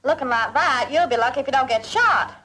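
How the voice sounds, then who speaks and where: An actress playing a brisk, wry, ranch-raised young woman in a 1960s television drama, with a dry, teasing way of speaking. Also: high-pitched, heavy background noise, close to an everyday voice.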